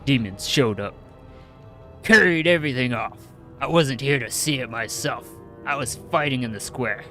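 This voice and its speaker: A man's voice: mid-range voice, normal speed, sharp tone, soft background music, natural voice. A man voicing a bellowing zealot crusader. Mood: zealous. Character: ruthless fanatical male crusader, secret traitor.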